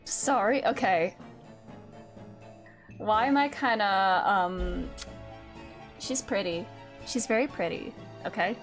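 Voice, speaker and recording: A woman streaming a game, chatting casually in an excitable, giggly way and quick to apologize. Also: fairly high pitch, faint music behind.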